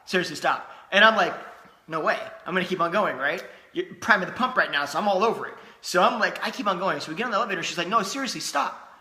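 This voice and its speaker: A man in his thirties, a podcast co-host, telling a funny personal story in casual chat, animated and laughing often. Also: sits high, very fast, echoey room.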